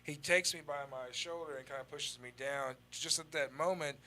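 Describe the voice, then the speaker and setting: A man tells a story in loose, profane talk with a bright, pushing edge to his voice. He slips into the voices of the people he quotes. A faint hum of noise sits under him. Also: fairly high pitch, normal speed. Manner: animated, acts out quoted dialogue. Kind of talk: casual storytelling with heavy swearing.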